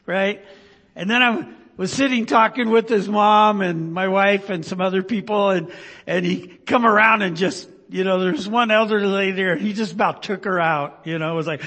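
A man preaching a sermon as pastor, earnestly checking in with "right?" and swinging between loud emphasis and quiet, low-spoken stretches. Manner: frequent "right?" tag questions, earnest. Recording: long reverb of a large hall.

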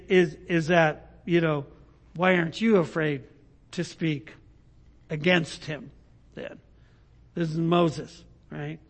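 A man with a high-pitched, fairly bright voice preaches a sermon, reading scripture aloud and explaining it conversationally. He often checks in with listeners, frequently asks "right?", and restarts his sentences.

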